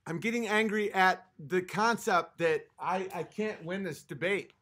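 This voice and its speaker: His voice sits high, bright and forceful, and he's in no hurry. This livestream host, slightly buzzed from a few drinks, reads chat aloud and argues with it in an exasperated, foul-mouthed tirade.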